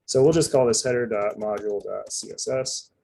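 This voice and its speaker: A man's voice: on the low side, brisk, gravelly, dark tone, a little hiss or hum, rough recording. A man giving a casual live coding demonstration, chatty and loose, full of fillers and asides. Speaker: presenter.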